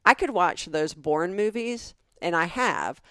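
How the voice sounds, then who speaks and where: Animated Southern woman telling a story. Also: lowish voice, unhurried, dry recording, studio quality. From American South. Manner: animated storytelling with quoted voices. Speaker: podcast co-host. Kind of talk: casual chat.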